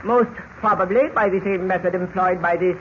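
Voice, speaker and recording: An actor playing a menacing villain who speaks in a stiff, precise, overly polite way, in 1940s radio acting style. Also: male voice, high-pitched, normal speed, natural voice. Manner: stiff, formal, precise speech. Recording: dull lo-fi old radio recording with hiss.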